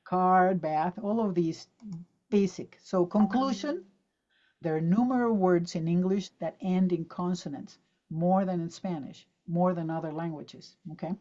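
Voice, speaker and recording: A woman leads an online pronunciation lesson with a mellow, warm voice. She drills sample words aloud and fires questions at her listeners to keep them with her. Her sound comes over a dull, lo-fi video call line. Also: on the low side, unhurried. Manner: lively, demonstrative, drills words aloud and quizzes the audience. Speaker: pronunciation teacher presenting to teachers. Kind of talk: online teaching talk.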